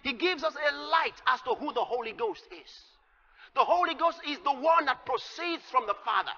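Man preaching, very high voice, piercing bright tone, long hall reverb, dull lo-fi sound. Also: lively intonation, moderate pace, a little hiss or hum. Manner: emphatic preaching, rises to shouts on key lines. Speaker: pastor. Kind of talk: sermon.

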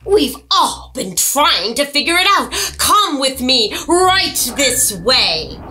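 A woman voicing an eager palace guard in a storybook reading, speaking slowly and emphatically. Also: sits high, very animated, bright, forceful tone, pitched above the performer's own voice, exaggerated voice. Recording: music playing behind.

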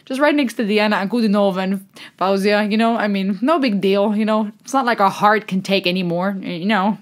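A woman's voice: mid-range voice, a little fast. A woman hosting a music reaction video, exclaiming and laughing in disbelief in casual commentary. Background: faint music playing.

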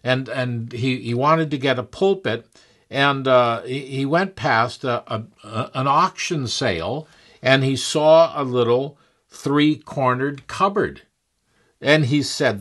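A man's voice: mid-range voice, takes it slowly, fairly bright tone. A man preacher telling a devotional story in an earnest manner, chuckling as he goes.

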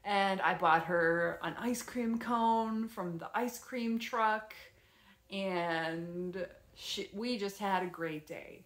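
A woman vlogger casually retelling her day at home, rambling and animated with lots of fillers. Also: medium pitch, slow. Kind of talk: casual storytelling vlog. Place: her apartment. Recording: echoey room.

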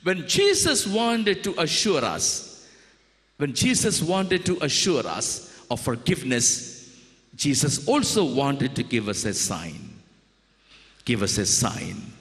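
Male priest from India, sermon, slow emphatic delivery, swooping pitch, long hall reverb. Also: very animated, a bit bright. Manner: slow, dramatic, emphatic preaching with sudden rises. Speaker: priest and retreat preacher.

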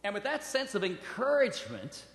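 A man preaching a sermon and telling a personal story, animated, with acted quotes and laughter. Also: high voice, moderate pace. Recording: roomy hall with long reverb.

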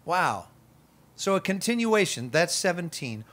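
A man pastor preaching a sermon at an outdoor worship gathering, conversational and energetic with playful asides. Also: sits high, moderate pace.

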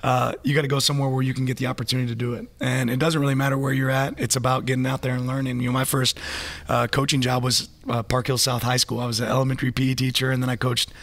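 A man's voice: medium pitch, level tone, fast, hardly any pauses, a bit bright. A man, a football head coach, giving easygoing, plain-spoken answers in a casual interview.

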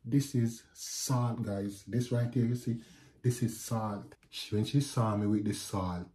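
A man with a Jamaican accent, telling a personal story to his viewers in a lively vlog, often calling out to them. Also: on the low side, measured pace, slight background noise. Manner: animated, addresses viewers as guys. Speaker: vlogger. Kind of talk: casual storytelling to camera.

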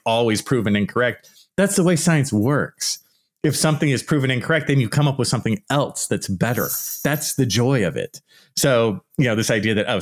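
A man hosting a podcast, talking casually in an exasperated, emphatic and blunt way, with some swearing. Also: mid-range voice. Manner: mocks opponents in put-on voices. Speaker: podcast host. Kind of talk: casual ranting monologue.

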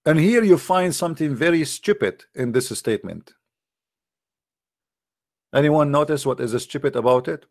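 A man's voice: fairly high pitch, normal speed, pauses often, dry recording, studio quality. A man hosting a religious debate, talking in a mocking, emphatic way with a lot of repetition. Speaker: debate host. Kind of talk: argumentative religious debate talk.

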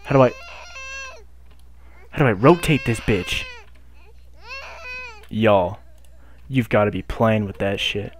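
A man's voice: on the low side, lively intonation, slow pace, pauses often. Young male gamer on a desk mic, hyped and cussing at the screen. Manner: loud, hyped, swears constantly, talks to the game. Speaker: gaming YouTuber. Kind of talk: profane gameplay commentary.

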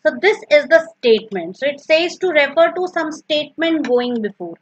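A woman's voice: high-pitched, expressive, normal speed, muffled recording. A woman teaching a recorded grammar lesson, patiently repeating each example and explaining step by step.

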